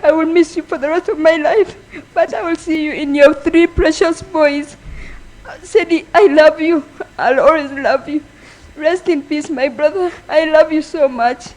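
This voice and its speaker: A woman giving a funeral eulogy for her brother, halting and emotional, speaking softly. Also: high voice, poor audio. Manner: halting, emotional, soft-spoken. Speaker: family member giving a eulogy.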